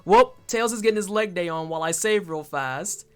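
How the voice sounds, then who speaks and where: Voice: medium pitch, normal speed, a bit bright, smooth. A streamer chatting casually with viewers while playing a game, thanking supporters and making playful asides. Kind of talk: casual live-stream chat while gaming.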